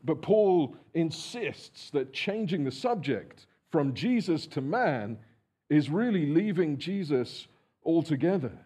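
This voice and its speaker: Male pastor, sermon delivery in church, warm dark tone with breathy edge, earnest. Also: fairly high pitch, animated. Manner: earnest, measured preaching with frequent fillers and restarts.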